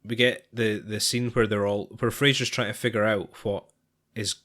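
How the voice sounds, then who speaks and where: A man with a fairly low voice chats casually as a podcast co-host. He hesitates often, restarting his sentences and sighing between thoughts. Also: fairly even intonation, moderate pace, fairly bright tone. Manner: hesitant, lots of restarts and sighs. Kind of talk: casual chat.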